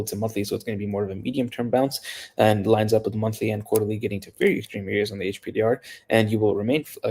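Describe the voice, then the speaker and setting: Male market analyst, low gravelly husky voice, rapid technical delivery with restarts. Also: mellow. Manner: rapid, technical, with self-corrections. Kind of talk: casual chart analysis.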